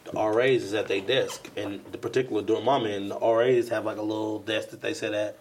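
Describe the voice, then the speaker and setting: A young man on a podcast telling a story in casual chat, acting out the dialogue with sudden jumps into a louder, higher voice. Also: fairly quick, slight background noise. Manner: animated storyteller who acts out dialogue in bursts of louder, higher voice. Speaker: podcast co-host.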